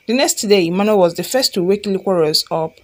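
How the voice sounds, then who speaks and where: A woman's voice: mid-range voice, brisk, slight background noise. A woman reading a fan-written love story aloud as its storyteller, keeping her own voice for every part.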